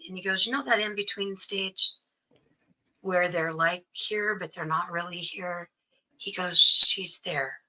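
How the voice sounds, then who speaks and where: A woman, a guest in an interview, telling a personal story and acting out the voices of the people in it, often dropping to a hush. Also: on the low side, rough recording. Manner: acts out quoted voices, often drops to hushed tones.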